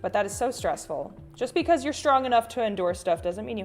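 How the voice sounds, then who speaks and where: A woman's voice: fairly high pitch, animated, a little fast, hardly any pauses, soft background music. A woman hosting a casual art livestream. She rambles with many fillers and restarts, reads viewer chat aloud, and calls people "sweet bean" and "honey.". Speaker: artist and livestream host.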